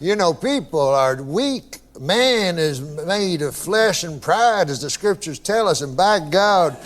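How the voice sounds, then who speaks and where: High-voiced man spinning a slow folksy yarn. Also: animated. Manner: drawn-out shaggy-dog storytelling with folksy drawl. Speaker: late-night show guest. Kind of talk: rambling deadpan joke-telling.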